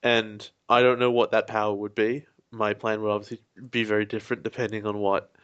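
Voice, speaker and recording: A man's voice: fairly low pitch, level tone, fairly quick, a bit bright, smooth, muffled recording. A man co-hosting a podcast in casual chat, dry and teasing with a sardonic edge. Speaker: podcast co-host.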